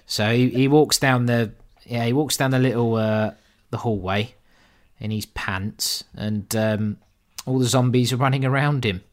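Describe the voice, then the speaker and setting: Talking through a film on a podcast he co-hosts, this man stays relaxed, curses, and imitates characters for laughs. His voice is medium in pitch, steady in tone, and a little slow.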